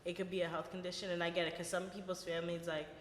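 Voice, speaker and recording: A young woman co-hosting a casual podcast chat, animated and laughing as she tells stories. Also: on the low side, rapid-fire, slight background noise. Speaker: podcast co-host. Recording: echoey room with long reverb.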